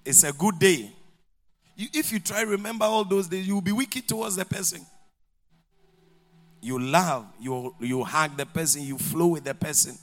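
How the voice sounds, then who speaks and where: A man's voice: fairly high pitch, moderate pace, soft background music. A male pastor preaching a sermon, telling stories and acting out the dialogue. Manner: animated storytelling, acting out dialogue, laughing along.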